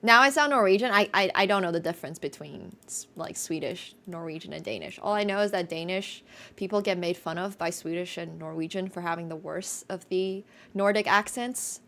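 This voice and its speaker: Young woman streamer, gravelly edge, loose rambling chat with fillers. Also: on the low side, a little fast, fairly bright tone. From Finland. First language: Finnish. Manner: chatty, rambling, many restarts and fillers. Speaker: chess streamer.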